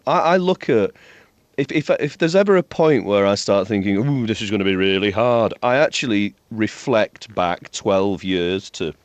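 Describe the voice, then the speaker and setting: A man's voice: fairly low pitch, no echo. A male singer, a guest in an interview, talking casually with a self-deprecating manner and frequent restarts.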